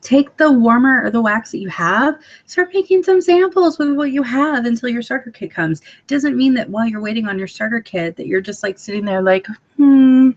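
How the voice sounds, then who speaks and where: Bubbly and chatty, this woman runs a casual training session for other sales consultants, dropping lots of ums and breaking into playful voices without warning. Her voice is a little high and a little fast, with hardly any pauses, captured on a dull lo-fi recording.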